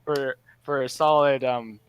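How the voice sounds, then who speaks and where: A man's voice: mid-range voice, fairly even intonation, a little slow, smooth, dry recording, rough recording. A young man from the American South telling a rambling story in a gaming voice chat, with lots of fillers and laughs, on a headset mic. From Southern United States. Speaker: team player.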